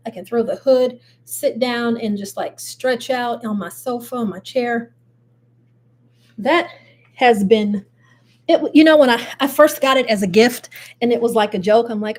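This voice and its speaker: Chatty older woman host, higher voice. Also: unhurried. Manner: chatty, laughing, animated asides. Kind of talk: casual livestream chat.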